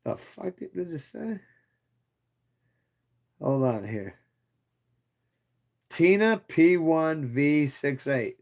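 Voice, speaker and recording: A man's voice: a little high, lively intonation, takes it slowly, gravelly, pauses often, a little mellow. A man in his thirties hosting a livestream, chatting casually and profanely with viewers in a rambling, playful way. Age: 30s. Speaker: livestream host.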